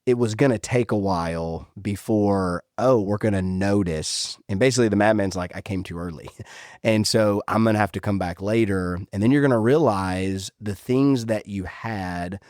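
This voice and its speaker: A man's voice: on the low side, moderate pace, darkish tone, no echo, studio quality. A man hosting a podcast, chatting casually with a guest about a book, agreeable and musing. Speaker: podcast host. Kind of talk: casual conversational interview.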